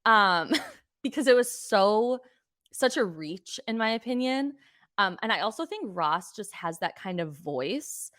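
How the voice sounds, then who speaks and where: A woman's voice: medium pitch, animated, measured pace, fairly bright tone, no room sound, studio quality. A woman hosting a podcast, giving a chatty, exasperated recap of reality TV with plenty of swearing. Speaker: podcast host.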